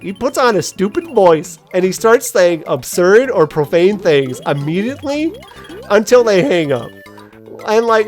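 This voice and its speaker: A woman gives casual let's-play commentary as she tells a story. She laughs easily, pokes fun at herself, and her voice rises and falls in a very lively way. Faint game music plays underneath. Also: mid-range voice. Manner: animated storytelling, self-deprecating, laughs often. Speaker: gaming video host.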